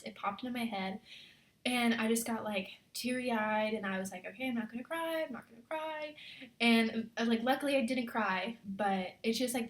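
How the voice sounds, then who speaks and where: Chatty young woman in an echoey room. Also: a little high. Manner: chatty, filler-heavy, earnest and encouraging. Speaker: military spouse vlogger. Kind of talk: casual confessional vlog.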